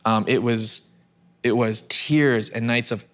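A man's voice: mid-range voice, steady tone, slow pace, fairly bright tone. A man in his thirties preaching a sermon from a church stage, talking in a conversational, self-deprecating way and often repeating words as he restarts. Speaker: pastor.

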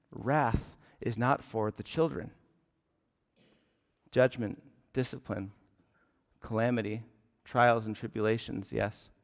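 Slow-preaching man in a reverberant hall. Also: mid-range voice, vocal fry. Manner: earnest preaching, slow and deliberate with emphatic rises. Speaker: pastor. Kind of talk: sermon.

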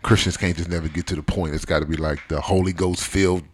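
A man's voice: low-pitched, fairly even intonation, fast talker, slight background noise. A man of about forty hosting a casual discussion podcast, talking in a conversational, digressive way with joking asides. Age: around 40. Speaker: podcast host.

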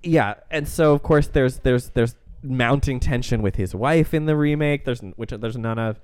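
Man, podcast co-host, rambling film chat, laughs a lot, smooth resonant voice, dry close sound. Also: mid-range voice, normal speed, darkish tone, no room sound. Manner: rambling, tangential, laughs often; acts out movie lines in quoted voices. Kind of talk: casual film discussion chat.

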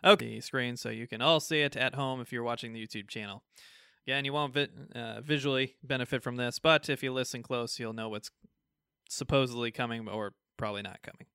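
Guy on a podcast running down comic releases, bright crisp voice, dry close sound. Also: mid-range voice, fairly even intonation, a little fast, no room sound. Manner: reads a list of comic releases, joking. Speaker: podcast co-host. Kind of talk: casual podcast chat.

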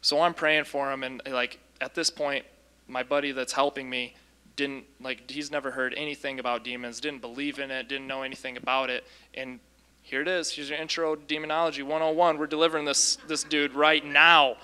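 Guy talking about faith stuff, lots of ums, bright forceful voice, gets animated telling stories. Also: mid-range voice, fairly quick, clear, resonant tone. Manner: lively storyteller, frequent ums and restarts. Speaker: Christian deliverance minister. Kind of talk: casual faith storytelling.

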